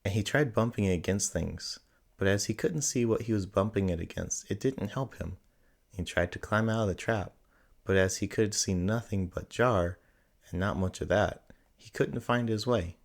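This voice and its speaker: A man reading a children's storybook aloud in a gentle, measured way. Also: low voice, creaky. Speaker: narrator.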